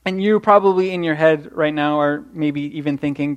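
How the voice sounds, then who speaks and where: Young guy preaching, earnest and encouraging, kinda high voice, lots of restarts. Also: normal speed, muffled recording. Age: young adult. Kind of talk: sermon.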